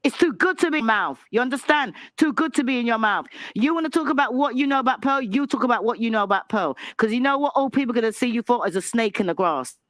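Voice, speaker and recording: A woman's voice: fairly high pitch, lively intonation, quick pace, hardly any pauses, a bit bright, dry recording. A woman giving an angry, lecturing rant in a clip, calling someone out. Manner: indignant, lecturing.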